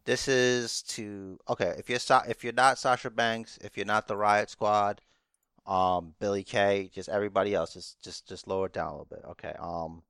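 A podcast co-host chats casually, teasing his partner and tossing in mock-serious asides, with a lowish voice at a normal pace. His intonation is fairly even and his tone is clear, resonant, and fairly bright, recorded cleanly in a studio with no room sound.

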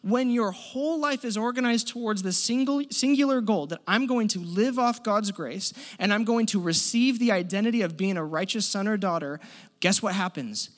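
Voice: medium pitch, normal speed. A pastor preaching a sermon in a church sanctuary, emphatic, repeating key lines for stress and leading the congregation in spoken declarations. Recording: long hall reverb.

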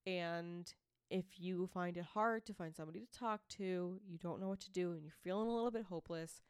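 A woman's voice: fairly low pitch, fairly quick, smooth, dry recording, clean studio sound. A woman from Massachusetts with a Boston accent, co-hosting a podcast in casual chat, chatty and laughing easily, earnest when the talk turns serious. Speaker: podcast co-host.

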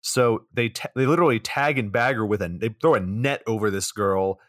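A man's voice: lowish voice, a little fast, fairly bright tone, no echo. A man co-hosting a podcast, recapping a movie's plot in a dry, profane, casual way. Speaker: podcast co-host.

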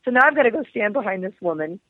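A woman guest on an interview podcast, telling a personal story with animated emotion, acting out the voices of the people in it and laughing often. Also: mid-range voice, rapid-fire, no echo. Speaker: actress and singer, podcast guest. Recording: tinny phone-like line, dry.

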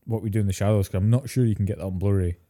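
A man co-hosting a podcast, chatting in a relaxed way, swearing casually and laughing often. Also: fairly low pitch, very fast. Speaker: podcast co-host. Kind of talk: casual chat.

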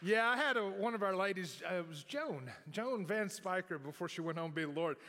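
A man's voice: sits high, expressive, fairly quick, bright, forceful tone, slight background noise. A middle-aged male pastor preaching a sermon in a folksy, rambling way with many restarts. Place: church sanctuary. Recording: long hall reverb.

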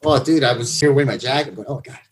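A man's voice: medium pitch, fast talker. A man co-hosting a podcast in casual chat, laid-back, laughing often and swearing. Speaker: podcast co-host.

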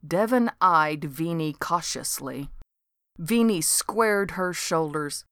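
A woman's voice: low-pitched, lively intonation, slow pace, fairly bright tone, clean tone, no echo. A woman narrating a storybook in a dry, wry delivery.

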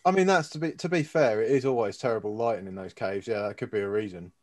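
A man's voice: fairly low pitch, fast talker. A man co-hosting a podcast, trading dry, joking banter in casual chat. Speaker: podcast co-host.

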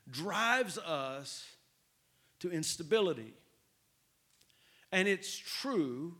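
A male pastor preaches with energy and keeps checking in with his listeners. His voice sits a bit higher than most men's. He repeats his main points for emphasis. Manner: animated, repetitive preaching with call-outs to the crowd. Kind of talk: sermon.

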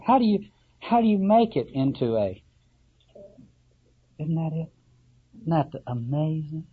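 Husky, musing male lecturer. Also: on the high side, very animated. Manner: musing, with halting restarts and rhetorical questions. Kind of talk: reflective lecture on a novel. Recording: slightly muffled lo-fi recording.

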